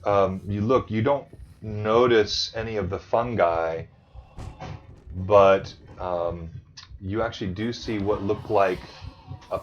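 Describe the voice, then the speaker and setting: A lower-pitched man guides his players through a tabletop scene as game master. He describes the room at an unhurried pace, filling gaps with ums and uhs. The sound is dull and lo-fi, like an online call. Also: a little hiss or hum.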